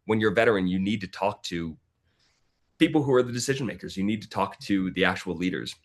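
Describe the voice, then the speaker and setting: A man in his forties, a podcast guest, telling a personal story in a casual, animated way and acting out other people's lines. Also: sits low, fast talker. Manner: animated, acts out the voices of people in his stories.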